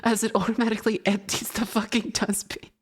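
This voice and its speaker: A woman's voice: mid-range voice, little pitch movement, a little fast, slight background noise. Woman streamer telling a story casually. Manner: rambling, profane storytelling broken by laughter. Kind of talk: casual chat.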